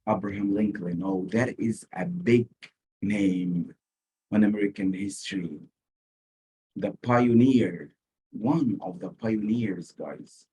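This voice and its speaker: A male SAT teacher with an Arabic accent giving a recorded lesson, explaining slowly and repeating key words for emphasis. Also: on the low side, dark tone, slightly rough, rough recording. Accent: Arabic-speaking. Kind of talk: recorded lecture.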